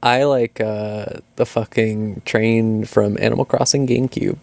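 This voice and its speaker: A man co-hosting a gaming podcast, chatting casually and swearing freely, with an animated delivery. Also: lowish voice, measured pace, vocal fry, dry recording. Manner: animated, profane, acts out little voices. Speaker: podcast co-host. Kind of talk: casual chat.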